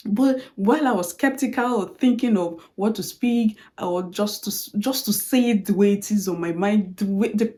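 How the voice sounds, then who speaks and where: Woman, motivational speaker, lively personal storytelling, quotes dialogue, soft warm tone. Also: mid-range voice, moderate pace, hardly any pauses.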